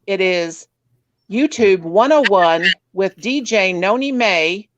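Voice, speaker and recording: A woman's voice: medium pitch, animated, takes it slowly, lo-fi sound. A woman in her fifties hosting a casual live stream, chatty and self-mocking, often trailing off and restarting. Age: 50s. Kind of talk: casual chat.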